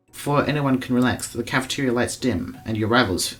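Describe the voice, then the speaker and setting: A man reads a game's story aloud at a middle pitch, slipping in jokes and asides as he goes. His delivery is playful. Faint game music plays underneath. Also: brisk. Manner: joking, reading game text aloud. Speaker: let's player.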